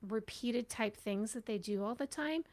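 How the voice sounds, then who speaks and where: A woman's voice: on the high side, moderate pace, darkish tone. A woman talking casually, explaining things with personal examples as she shares her views. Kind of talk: casual conversation.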